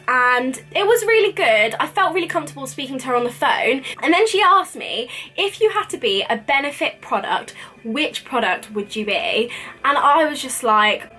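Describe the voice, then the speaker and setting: A woman in her twenties vlogging, telling a story in casual chat, animated and giggly, acting out quoted lines in a higher voice. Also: moderate pace. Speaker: beauty vlogger.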